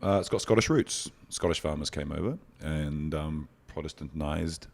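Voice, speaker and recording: A man's voice: a bass voice, moderate pace, creaky, darkish tone, big-room sound. A man hosting a podcast, chatting casually and joking playfully. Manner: jokey, playful, laughs easily. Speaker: podcast host. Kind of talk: casual chat.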